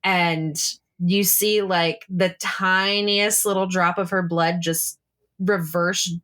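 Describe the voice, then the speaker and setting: A woman's voice: fairly low pitch, fairly even intonation, slow pace, a bit bright. A woman narrating her character's actions in a tabletop game, rambling and swearing casually. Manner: rambling, profane, laughing often. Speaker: player.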